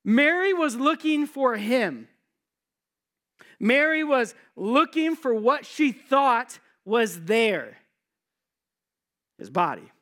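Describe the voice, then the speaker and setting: High-voiced preacher man, chatty and questioning. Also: sing-song, takes it slowly, pauses often, bright, forceful tone. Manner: conversational, asks rhetorical questions, jokes. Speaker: pastor. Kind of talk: sermon.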